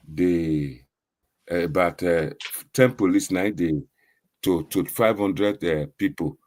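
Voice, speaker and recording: Deep Nigerian man, Pidgin-mixing host. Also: a little mellow. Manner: hesitant with many uh fillers. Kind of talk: moderating a discussion, summing up guests.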